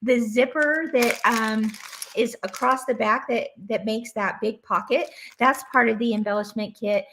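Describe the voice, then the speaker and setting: A woman's voice: fairly high pitch, fairly even intonation, a little slow, background noise. A woman hosting a live stream, reading viewer comments aloud in an enthusiastic, bubbly way and laughing often. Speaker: host.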